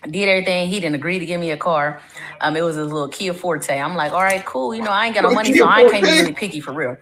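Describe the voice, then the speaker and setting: A woman streamer telling a long, profane storytime tale in a casual, animated way, her voice jumping high for quoted lines. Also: quick pace, a crowd in the background. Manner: animated, profane, dramatic voice swings.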